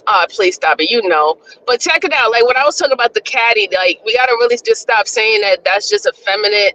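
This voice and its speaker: A woman's voice: a little high, animated, fast, a bit bright, slight background noise, rough recording. A woman from New York co-hosting a live stream, ranting in exasperation with plenty of swearing. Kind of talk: casual reaction chat.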